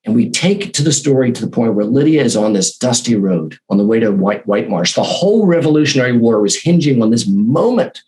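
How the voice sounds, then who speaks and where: A man telling a personal anecdote in a lively, animated way, acting out the voices in his quotes. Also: mid-range voice, poor audio. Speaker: guest, storytelling consultant.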